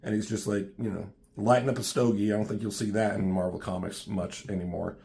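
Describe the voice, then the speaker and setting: A man's voice: lowish voice, fairly even intonation, fairly quick, gravelly, warm tone. A man casually recapping a comic book, rambling and profane, full of ums and side comments.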